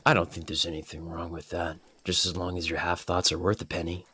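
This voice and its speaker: Man with a really deep voice, giggly and chatty in a roleplay stream. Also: level tone, a little fast, pushed and bright, slight background noise. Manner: giggly, self-deprecating, chatty. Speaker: roleplay player. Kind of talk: in-character roleplay chat.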